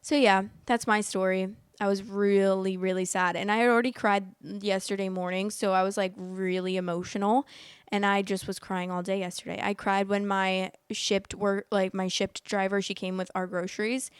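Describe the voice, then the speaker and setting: A woman's voice: mid-range voice, level tone, normal speed, clear, resonant tone, no echo, clean studio sound. A young woman hosting a casual storytelling vlog, chatty and rambling, filling her talk with "like", emotional as she tells it. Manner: chatty, rambling, many likes. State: emotional, teary. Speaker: host.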